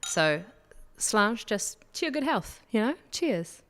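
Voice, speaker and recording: A woman's voice: fairly high pitch, big pitch swings, measured pace, fairly bright tone, long reverb tail, slight background noise. A woman guest on a podcast, chattily explaining whisky with plenty of ums. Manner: explanatory, chatty, many fillers. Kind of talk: casual chat.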